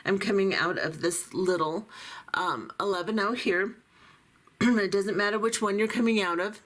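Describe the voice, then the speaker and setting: A woman's voice: medium pitch, normal speed, fairly bright tone. A middle-aged or older woman giving patient, step-by-step beading instructions while she works with her hands. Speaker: beading tutorial host.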